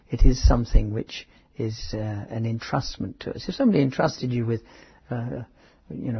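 A man preaching a conversational Bible teaching, halting, with restarts and asides. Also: mid-range voice. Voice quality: very husky. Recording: dull lo-fi sermon recording.

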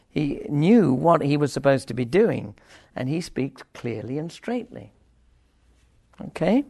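An older man teaching a Bible passage informally, rambling with wry asides and reading the scripture aloud forcefully. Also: a little high, animated, unhurried, creaky, dry recording.

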